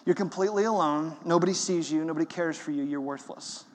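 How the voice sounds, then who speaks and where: A man voicing a cold, accusing male devil in a hushed, contemptuous tone. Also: a little high, fast, long reverb tail, natural voice.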